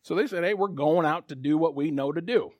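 Man, pastor, sermon, high voice, dry close sound, conversational then emphatic. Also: a little fast, no room sound. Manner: conversational preaching, rising to emphatic exhortation.

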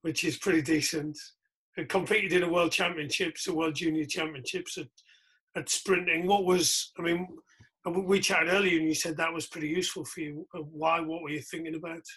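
A male podcast host speaks over a remote call from a spare bedroom at home. His voice sits a little high and sounds bright but husky. He talks in a chatty way and keeps tripping over and restarting his sentences. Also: fairly even intonation, normal speed. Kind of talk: casual podcast interview.

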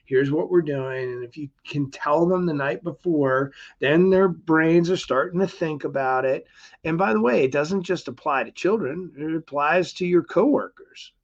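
A man's voice: a little high, normal speed, lo-fi sound. A middle-aged man with an upbeat, motivational way of talking, speaking as a guest in a conversational interview. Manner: upbeat and motivational, acts out quoted voices.

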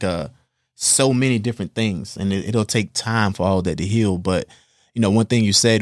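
A man's voice: lowish voice, darkish tone, no room sound, clean studio sound. A man hosting a podcast, reassuring and encouraging his guest with a lot of fillers. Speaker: podcast host. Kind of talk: supportive interview conversation. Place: podcast studio under lights.

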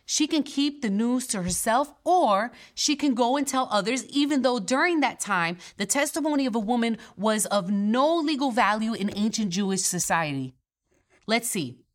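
A woman's voice: fairly high pitch, animated, normal speed. Woman pastor preaching with playful asides. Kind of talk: sermon. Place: church.

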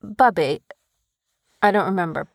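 Speaking a little slowly in a medium-pitched, gravelly voice, a woman co-hosts a casual podcast chat with her young son. As a mother, she uses animated storytelling and a teaching tone to turn stories into lessons. Studio quality, with no room sound.

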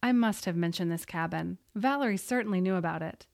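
A woman reading aloud, voicing a menacing male teacher who mocks and then shouts in anger. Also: on the low side, fairly quick, creaky. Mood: mocking. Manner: mocking, then shouting angrily.

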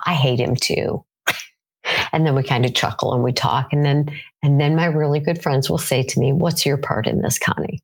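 A middle-aged woman teaching as a coach, earnestly asking herself questions aloud as she talks through feelings and needs. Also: sits low. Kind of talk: motivational teaching talk.

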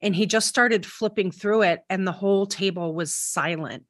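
A woman co-hosting a podcast, telling a story in casual, animated chat with many restarts. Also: mid-range voice, moderate pace, dry recording, studio quality. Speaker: podcast co-host.

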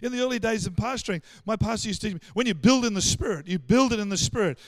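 A man with an Australian accent preaching a sermon, animated and full of stammered restarts as he acts out the voices of the people he quotes. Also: high voice, fast talker, few pauses, dry recording. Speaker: pastor.

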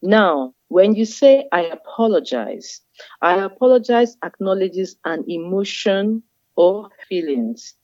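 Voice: medium pitch, sing-song, slow, darkish tone, dry recording. A guest speaker in an interview, explaining in a patient, teacherly way and repeating key phrases. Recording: dull, dry lo-fi sound.

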